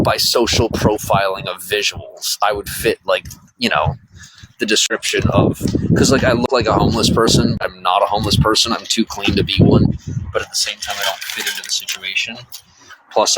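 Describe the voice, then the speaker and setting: A man's voice: on the low side, very noisy. A man chatting casually on a live stream from his phone, rambling and reading viewer comments aloud.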